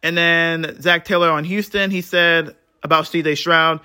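A man hosting a solo sports podcast, ranting in frustration, swearing freely and swinging between low mutters and heated outbursts. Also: steady tone, unhurried, bright, forceful tone, clean tone. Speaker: podcast host.

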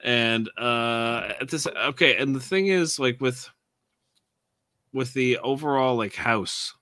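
Wry, blunt man with a bright tone. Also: mid-range voice, slow pace, no room sound. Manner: wry and blunt, with dry jokes. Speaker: podcast co-host. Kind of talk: casual chat.

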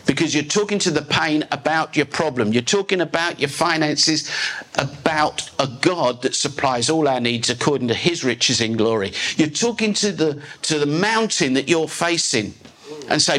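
A man's voice: on the high side, lively intonation, normal speed, fairly bright tone. A man preaching a live sermon in a church service, as the pastor, with emphatic, declarative delivery.

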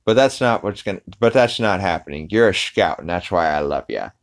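A man's voice: low-pitched, animated, fairly quick. A man doing a blunt, blustering cartoon dad.

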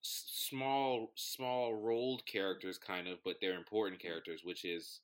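A man's voice: sits low, fairly even intonation, normal speed, smooth. A man co-hosting a podcast, casually recapping a movie plot in a rambling, joking way. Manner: rambling storyteller, loose and joking. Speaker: podcast co-host.

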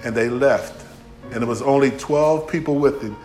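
A man preaching a folksy sermon, swinging from shouts to near-whispers. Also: medium pitch, moderate pace, echoey room, soft background music. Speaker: pastor.

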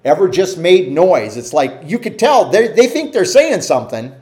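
A man leads a relaxed Bible study in a church room, his mellow voice carrying a roomy echo. He talks in a lively, conversational way, putting questions to the group and acting out little quotes. His voice sits a touch higher than usual for a man. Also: moderate pace. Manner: asks the listeners questions, acts out quotes. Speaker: Bible teacher.

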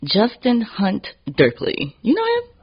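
Husky woman telling lively stories. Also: medium pitch, a little slow, highs cut off. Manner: animated storytelling, acts out quotes, laughs often. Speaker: podcast host. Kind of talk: casual chat.

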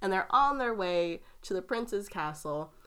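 A woman in casual chat, retelling a fairy tale with frequent giggles and animated storytelling. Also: mid-range voice, a little slow, clean tone.

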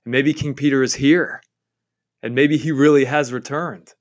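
A man's voice: medium pitch, steady tone, moderate pace. A man giving a devotional Bible-study talk on a novel, earnest and enthusiastic, with frequent fillers and restarts.

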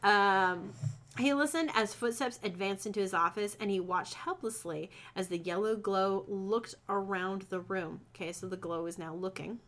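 A woman's voice: medium pitch, normal speed, a bit bright. A woman reading fan fiction aloud with friends, breaking off to joke and laugh. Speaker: reader.

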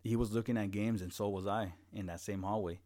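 A man's voice: on the low side, steady tone, fairly quick, dark tone. A young man telling a long personal story in casual chat, rambling, with heavy swearing and many restarts.

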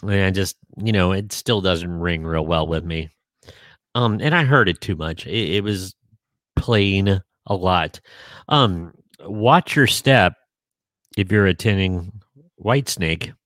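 A man with a low voice hosts a casual podcast chat. He jokes in a dry, deadpan way and pauses often with ums. The sound is close and dry, with no room echo. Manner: dry joking, hesitant with many ums. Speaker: podcast co-host.

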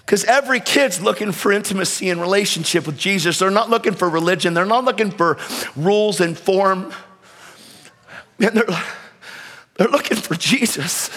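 A man preaching a storytelling sermon, animated and breaking into shouts when he exhorts. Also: sits high, normal speed, husky. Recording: reverberant hall.

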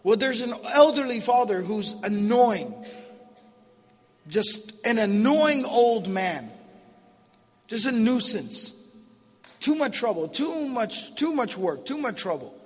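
High-voiced man preaching casually. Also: big pitch swings, slow pace, long pauses, long reverb tail. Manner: casual, storytelling with slang asides. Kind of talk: sermon.

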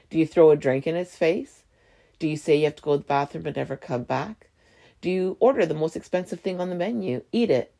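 A woman's voice: low-pitched, creaky, darkish tone. A woman hosting her own podcast, rambling animatedly with laughing asides. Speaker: podcast host. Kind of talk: casual solo podcast monologue.

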